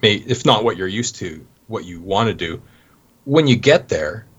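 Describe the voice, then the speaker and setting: A Canadian man, a guest in an interview, telling stories in a relaxed way with plenty of "you know" fillers. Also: lowish voice, normal speed, breathy edge, muffled recording. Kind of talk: casual interview talk.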